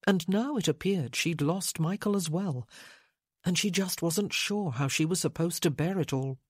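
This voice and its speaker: A woman narrating an audiobook in a measured, unhurried reading. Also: lowish voice, slightly rough, dry recording, clean studio sound.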